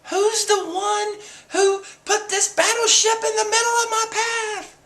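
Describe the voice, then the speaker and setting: A man voicing a haughty, imperious young pirate empress from a comic in a high falsetto. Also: level tone, a little slow, creaky, pushed and bright, full character voice. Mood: indignant.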